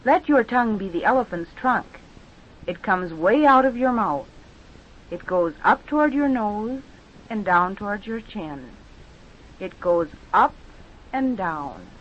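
A woman teacher leading children through movement and speech exercises with slow, patient, drawn-out instructions. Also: mid-range voice, expressive, a bit bright, slight background noise. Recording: dull lo-fi recording.

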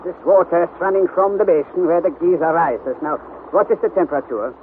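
A man's voice: a little high, a little fast, lightly acted. A man playing a stubborn domineering professor. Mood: dismissive. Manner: brusque, commanding, chuckling. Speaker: radio drama actor. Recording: tinny old radio broadcast with hiss.

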